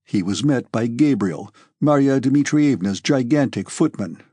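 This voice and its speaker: Husky male audiobook narrator. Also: mid-range voice, expressive, unhurried, mellow, dry recording.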